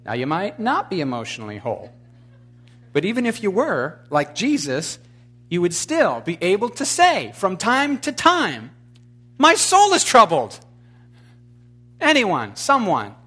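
A man's voice: high-pitched, huge pitch swings, normal speed, fairly bright tone, breathy edge. A man preaching a sermon with emphatic delivery. He questions his congregation, adds wry, blunt humor, and builds to fervent exclamations. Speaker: pastor.

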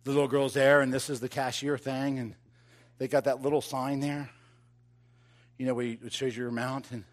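A man preaching, telling a personal story with animated, rising delivery that drops to quiet, intimate moments. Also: medium pitch, normal speed. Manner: animated, builds to loud excited telling. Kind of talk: sermon storytelling.

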